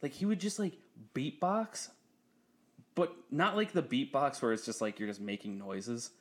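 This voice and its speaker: A man's voice: medium pitch, moderate pace. A young man telling a story in casual chat, swearing freely and laughing often, his voice jumping up when he quotes people. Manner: profane storytelling, laughs often, animated when quoting others.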